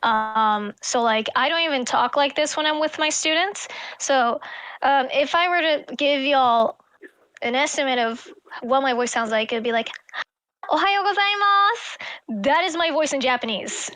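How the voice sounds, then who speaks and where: A woman chatting as a podcast guest over a video call, animated and laughing often. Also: sits high, moderate pace, clear, resonant tone, dry recording. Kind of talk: casual chat over a call.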